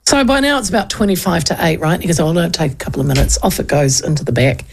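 A woman with a New Zealand accent, a radio host telling a chatty, animated story and putting on voices for the people in it. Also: on the low side, fast talker, vocal fry, background noise. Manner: animated, chatty, acts out voices in her stories. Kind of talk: casual storytelling chat.

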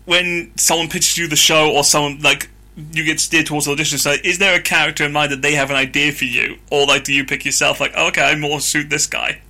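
A man's voice: a little high, steady tone, pushed and bright. Eager, stumbling male interviewer. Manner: enthusiastic, halting, stumbles over words. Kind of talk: casual interview talk.

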